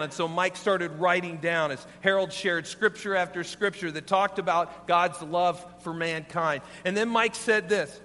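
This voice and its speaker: A man preaching a sermon, telling a story in an earnest, animated way. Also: sits high, measured pace, few pauses. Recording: long hall reverb, faint hum.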